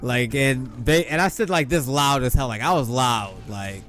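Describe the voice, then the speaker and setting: Young male gamer-storyteller, mid-pitch, boastful and profane, low music bed. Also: normal speed, a bit bright. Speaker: gaming YouTuber. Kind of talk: casual storytelling over gameplay. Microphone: gaming mic at a desk.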